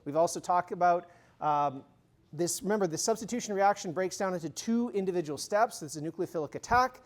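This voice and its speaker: A man's voice: sits high, fairly quick. A man giving a university chemistry lecture in a conversational way, quizzing the class with review questions and adding informal, humorous asides.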